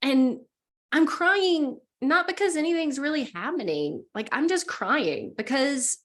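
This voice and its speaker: In an explanatory conversation, a spiritual practice teacher appearing as a guest speaks in a high-pitched, slightly bright voice with lively intonation and an unhurried pace. She is earnest and encouraging, quoting inner thoughts aloud.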